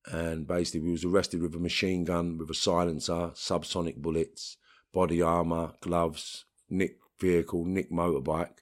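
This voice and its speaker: A man with a London accent, talking bluntly and streetwise in an interview, with bursts of swearing. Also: sits low. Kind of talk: storytelling interview.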